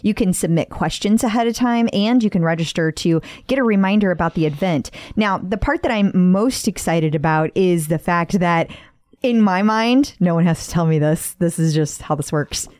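Upbeat chatty woman, lowish voice. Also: normal speed, darkish tone, no room sound, clean studio sound. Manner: chatty, upbeat, laughs often. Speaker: podcast co-host. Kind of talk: casual chat.

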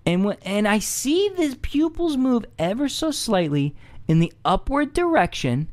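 A man casually telling a comedic anecdote, conversational with many fillers and asides, getting louder and higher as the story heats up. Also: measured pace. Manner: animated, rising excitedly when impersonating locals.

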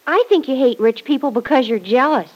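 A sweet, naive teenage girl, earnest and a little giggly, full of wholesome exclamations. Her voice sits fairly high. The sound is a vintage radio broadcast recording. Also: lively intonation, fairly quick, highs cut off. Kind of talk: 1940s radio acting.

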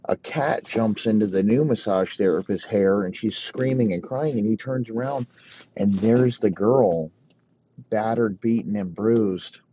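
A man improvising a profane comic story in a deadpan narrating manner. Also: lowish voice, unhurried, slight background noise. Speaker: comedy podcast host. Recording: muffled lo-fi recording.

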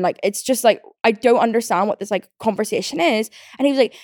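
A woman's voice: mid-range voice, fast, hardly any pauses, no echo, studio quality. A young British woman hosting a podcast, chatting casually and ranting in a riled-up way, with lots of fillers, swearing and frequent laughter. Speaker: podcast host. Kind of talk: casual chat.

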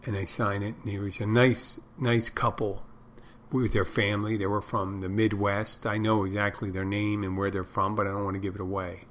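A man's voice: on the low side, level tone, normal speed, fairly bright tone, slight background noise. A middle-aged man hosting a podcast, rambling through stories and crude jokes in a casual monologue. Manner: meandering storyteller, tells crude jokes. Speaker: podcast host.

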